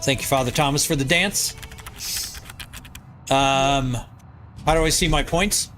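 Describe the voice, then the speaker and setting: A man's voice: mid-range voice, a little slow, a bit bright, faint music behind. A man with a nasal voice, live-streaming from his home basement, reading viewer comments aloud and answering in loose, rambling casual chat.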